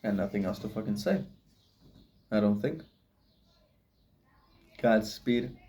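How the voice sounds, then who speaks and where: A man's voice: lowish voice, expressive, slow pace, mellow. A young man rambling philosophically in a casual solo vlog, swearing often and laughing at himself. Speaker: vlogger.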